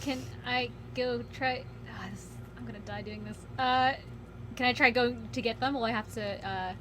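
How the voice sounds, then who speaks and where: Chatty woman player, slightly high voice. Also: steady tone, normal speed, noisy background. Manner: chatty, hesitant, full of fillers while deciding moves. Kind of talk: playing a tabletop game.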